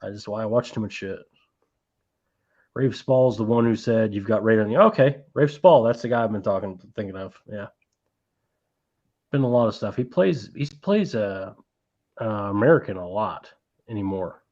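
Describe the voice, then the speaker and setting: A man's voice: fairly low pitch, normal speed, pauses often, darkish tone. A man hosting a casual movie-collecting live stream, rambling, swearing freely and reading out chat messages. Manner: rambling, profane, reads chat aloud. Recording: dull lo-fi stream audio.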